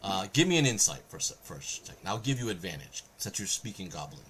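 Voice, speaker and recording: Brief: male game master, low pitch, bright edgy tone, explanatory online table narration. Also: very animated, fast talker, slight background noise.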